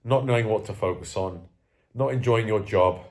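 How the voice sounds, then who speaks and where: Sitting indoors at home in front of a camera facing him, a young self-improvement coach records a candid vlog in a fairly low, darkish voice at a moderate pace. Groggy, he sneezes and coughs, rambles, swears freely and is self-deprecating throughout.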